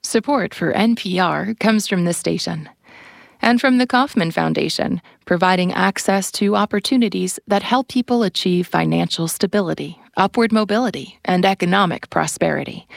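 A woman reading sponsor credits in a smooth, even announcer style. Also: lowish voice, normal speed, no room sound, studio quality. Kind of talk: scripted underwriting read.

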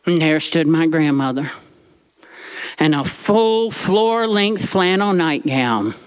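A man telling a funny personal story from his childhood with comic timing and drawn-out pauses. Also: on the high side, fairly bright tone, clean tone.

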